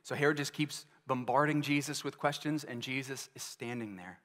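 A man's voice: medium pitch, normal speed, a bit bright. A male pastor delivering a sermon in an earnest manner, asking his listeners many rhetorical questions. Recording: long reverb of a large hall.

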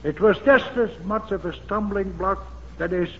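A man's voice: high voice, normal speed. A man preaching a sermon, emphatic and repetitive, with fervent exclamations. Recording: dull old sermon tape in a reverberant hall with faint hiss.

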